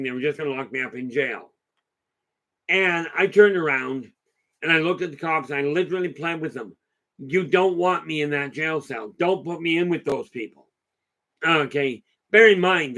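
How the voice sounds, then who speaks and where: Bright, chatty man telling stories. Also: a little high. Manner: rambling, chatty, with many restarts and asides; reads out and answers viewer comments. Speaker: host. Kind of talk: casual livestream storytelling.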